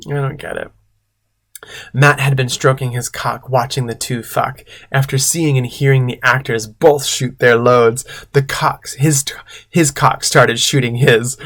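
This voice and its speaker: A man, a drag queen host, reading fan fiction aloud and breaking off for sarcastic, deadpan commentary. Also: mid-range voice, measured pace. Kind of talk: comedic read-aloud with commentary.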